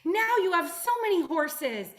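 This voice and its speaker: Woman doing frantic shrill farm workers. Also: fairly even intonation, normal speed, a bit bright. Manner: shrill, breathless exclamations. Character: panicked male farm workers, excitable, frantic.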